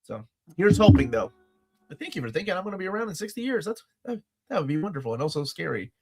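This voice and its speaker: Animated man hosting a casual talk stream. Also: on the high side, fast. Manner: rambling, animated, jokey. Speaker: livestream co-host. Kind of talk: casual chat.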